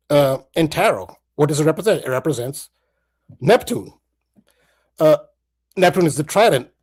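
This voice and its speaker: A man's voice: fairly high pitch, a little mellow. A man co-hosting a talk show, earnestly laying out a theory point by point with frequent restarts. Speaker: podcast co-host.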